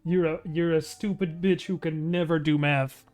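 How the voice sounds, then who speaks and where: A fairly high-voiced man rambling over a game. He is crude and loud, swears constantly and laughs a lot. Soft music plays faintly behind his commentary. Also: fairly even intonation, normal speed, hardly any pauses. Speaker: gameplay streamer.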